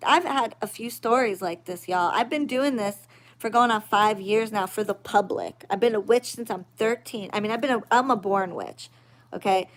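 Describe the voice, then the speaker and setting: A woman who works as a witch and spiritual reader, venting in a vlog in a blunt, profane, emphatic way and keeping on asking "okay?". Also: fairly high pitch.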